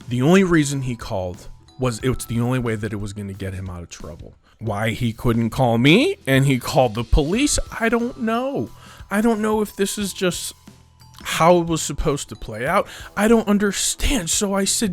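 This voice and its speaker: A man's voice: fairly high pitch, big pitch swings, normal speed, soft background music. A man telling a dramatic personal story to camera for his vlog, acting out what people said along the way. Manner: dramatic, quotes people in different voices.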